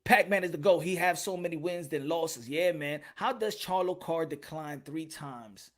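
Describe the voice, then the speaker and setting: A man hosting a boxing channel livestream, chatting casually in a slangy way, animated and repetitive, reading out his chat. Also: fairly high pitch, moderate pace.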